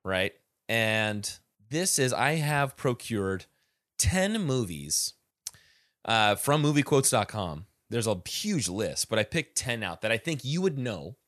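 A man's voice: medium pitch, very animated, slow, a bit bright, no echo, clean studio sound. A man co-hosting a podcast over a call, chatting enthusiastically and rambling with restarts. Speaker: podcast co-host. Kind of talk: casual chat on a call.

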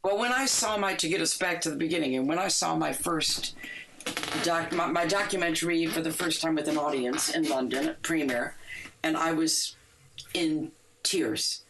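An older woman, a rock musician, telling stories in a casual interview, animated and quick to laugh, acting out the lines she quotes. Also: deep voice, rough recording. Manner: animated, laughs often, acts out quoted dialogue.

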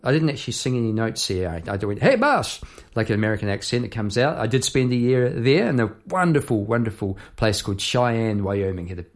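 A man's voice: fairly low pitch, fast talker, few pauses. Chatty man explaining his song lyrics. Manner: chatty and rambling, full of asides and tag questions. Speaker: songwriter hosting an episode.

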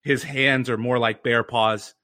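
A man's voice: medium pitch, fairly even intonation, measured pace, sharp tone. A young man telling an earnest, reflective story as a podcast guest. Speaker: guest, former pitcher and mental conditioning coach.

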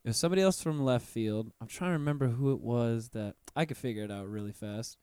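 A man's voice: medium pitch, fast talker, dark tone, smooth, no room sound, studio quality. A man hosting a podcast in casual, slangy chat, laid-back and profane as he hypes up artists. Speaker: podcast host.

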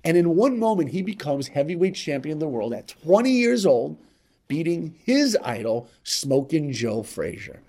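A man as a podcast guest telling a motivational story, emphatic and repetitive, swinging between loud and hushed. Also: a little high, very animated, moderate pace.

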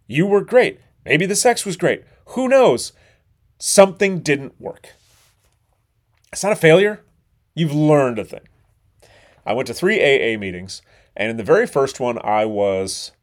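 A middle-aged man, hosting a podcast and talking bluntly and candidly, with frequent swearing. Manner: blunt and profane, animated swings in pitch and volume. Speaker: podcast host. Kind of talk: candid monologue.

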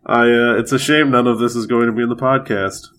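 A man co-hosting a loose, joking podcast, delivering his lines dry and deadpan. He talks plainly, with easy hesitations. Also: medium pitch, a little fast. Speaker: podcast co-host. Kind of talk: casual podcast banter.

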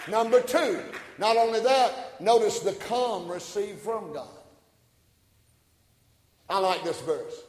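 High-voiced preacher in an echoey hall. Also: male voice, unhurried. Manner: preaching that swings from quiet asides to shouted climaxes; folksy and joking. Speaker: pastor. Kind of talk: sermon. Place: church sanctuary. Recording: echoey hall, church room.

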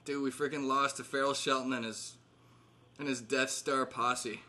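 A man's voice: medium pitch, flat delivery, moderate pace, bright, forceful tone. A man in his thirties casually catching up with old friends, rambling with fillers and laughing often. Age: 30s. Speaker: host.

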